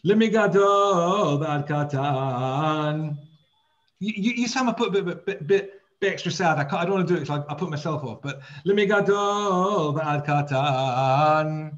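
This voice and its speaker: A man's voice: high-pitched, expressive, very fast, few pauses. A man leading a scripture reading class, chatty and full of repeated words, switching between talk and chanting Hebrew verses over a video call. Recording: dull lo-fi audio.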